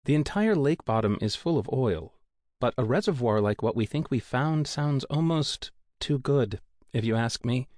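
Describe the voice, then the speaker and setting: A man's voice: mid-range voice, lively intonation, normal speed, darkish tone, no echo, clean studio sound, natural voice. Man reading a glum, worried drilling supervisor. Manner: serious, explanatory, gloomy.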